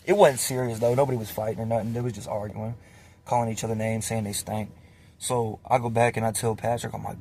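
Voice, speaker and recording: A man's voice: fairly low pitch, quick pace, a little hiss or hum. A young man telling a casual, profane story, acting out what others said. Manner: animated, swearing, acts out quotes.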